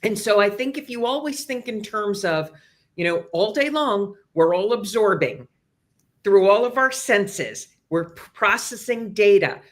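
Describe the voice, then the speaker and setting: A man speaking as a communications advisor on a panel, giving steady, list-like advice. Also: sits high, a little slow. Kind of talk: panel discussion.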